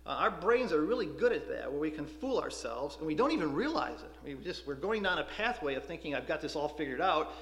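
A man delivers a Bible class sermon in a conversational, animated way. His voice sits high and moves a lot in pitch. The room around him is echoey. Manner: animated, conversational preaching with restarts. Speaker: Bible school teacher.

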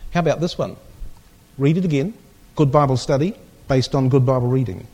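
A man's voice: medium pitch, a little fast, darkish tone. A man teaching a Bible class, reading scripture aloud with strong emphasis and putting questions to the group.

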